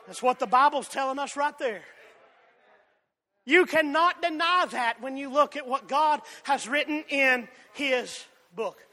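A man with a Southern drawl from Georgia, preaching a fiery sermon that swings between loud shouts and soft asides. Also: very high voice, measured pace. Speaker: pastor. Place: church sanctuary. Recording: long hall reverb.

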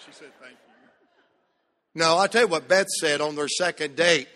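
A man from the American South preaching a sermon to a church, shifting between loud shouts and hushed, drawn-out phrases. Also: on the high side. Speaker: pastor. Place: church sanctuary. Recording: long hall reverb.

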